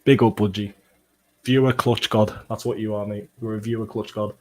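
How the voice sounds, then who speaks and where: A young man hosting a football watchalong livestream, bantering and swearing as he reads out chat comments, with bursts of excited play-by-play. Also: on the low side, normal speed. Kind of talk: casual livestream chat and match reaction.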